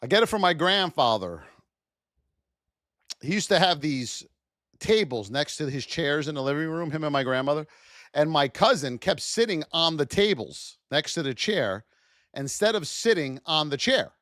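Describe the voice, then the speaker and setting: On a live trading stream, a man with a high, lively voice swings freely up and down in pitch while he talks at a moderate pace. He's blunt and chatty, swapping stories and addressing viewers directly. The recording is close and dry with no room sound.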